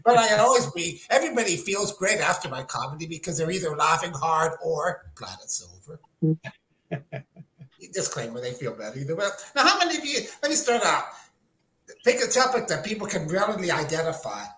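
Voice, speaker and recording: A man runs a self-mocking stand-up bit packed with puns. His fairly high voice jumps all over the place. The room around him echoes, and he comes through a video call. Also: big pitch swings, normal speed, pushed and bright. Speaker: comedian. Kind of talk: stand-up comedy routine.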